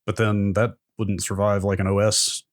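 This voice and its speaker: On a tech podcast, this co-host keeps things casual and curious, posing questions and reading aloud from a blog post as he sums it up. His voice is on the low side with little pitch movement and a moderate pace, captured in a dry, clean studio recording.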